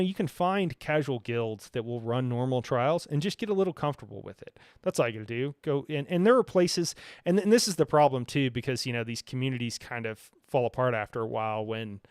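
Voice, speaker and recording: A man's voice: on the high side, darkish tone, clear, resonant tone, no echo, clean studio sound. A man hosting a live stream, chatting casually about a game in a rambling way, full of fillers and frequent chuckles. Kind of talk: casual gaming reaction chat.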